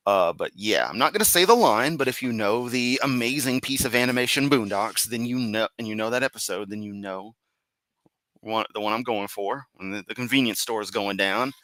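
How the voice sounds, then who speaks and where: A man's voice: on the low side, fairly quick, fairly bright tone, no room sound. A tired man streaming live, reading and mocking comments in a sarcastic, rambling way. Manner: sarcastic, rambling, with laughs and restarts. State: tired, yawning.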